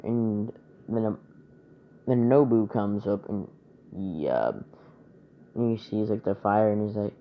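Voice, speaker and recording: A man casually retelling a fan story, rambling and halting as he searches for words, on a dull lo-fi recording. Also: lowish voice, slight background noise.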